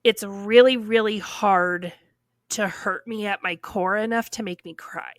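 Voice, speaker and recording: A woman telling a personal story on a podcast in a casual, animated way, full of fillers and acted-out quotes. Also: mid-range voice, unhurried, no room sound, clean studio sound.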